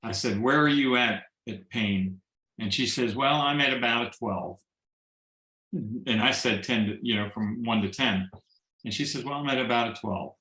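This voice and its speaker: A man tells a personal story over a video call in an animated way, acting out quoted dialogue and slipping in jokes. His voice sits at a middle pitch, and the room around him gives it a noticeable echo. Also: normal speed. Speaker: guest sharing a testimonial.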